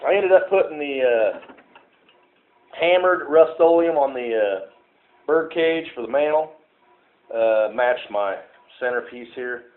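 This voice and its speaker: A man's voice: a little high, a little slow. Folksy man on a phone. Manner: folksy, rambling, lots of "uh" and "folks". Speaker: home repair vlogger. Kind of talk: casual talk while restoring a lantern. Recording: tinny phone recording with faint noise.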